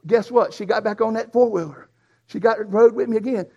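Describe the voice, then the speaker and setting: A preacher who tells a folksy, animated story in a sermon. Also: male voice, high-pitched, brisk, gravelly. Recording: dull lo-fi sound.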